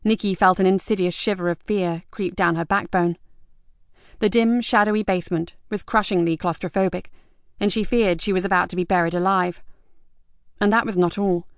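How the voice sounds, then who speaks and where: A woman reads an audiobook crime novel in a measured, expressive way. Her voice is smooth and somewhat low. It is recorded close in a dry booth with no room echo. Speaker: audiobook narrator. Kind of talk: scripted narration. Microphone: close studio mic.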